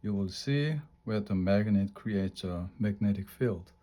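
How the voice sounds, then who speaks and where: A man's voice: on the low side, measured pace, warm tone, natural voice. A man reading as a male science teacher. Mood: instructing. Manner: instructing, explanatory. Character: male science teacher giving class instructions.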